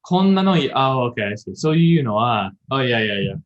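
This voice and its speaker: Animated and fairly quick, a man hosting a Japanese-teaching podcast explains grammar at length in a casual way, thinking aloud along the way. His medium-pitched voice has a fairly bright tone, though the recording is dull and lo-fi.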